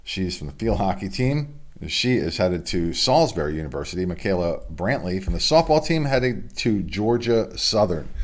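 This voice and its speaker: A man with a low, deep voice runs through local sports announcements from his home studio. He reads names and results in a relaxed, casual way and drops in chatty asides between items. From United States. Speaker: sports news host.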